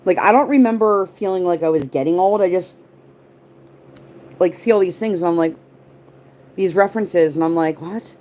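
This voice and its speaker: A woman of about forty hosts a casual livestream with a low, mellow voice. She rambles from one tangent to the next, peppers her talk with "like," and answers comments from her viewers. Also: moderate pace, long pauses. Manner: rambling, tangent-prone, heavy use of "like". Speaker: livestream host.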